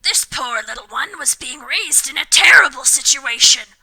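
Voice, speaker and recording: A woman reading a gushing, indignant male half-giant groundskeeper aloud in a loud, emphatic way. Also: sits high, animated, normal speed, crowd noise, rough recording.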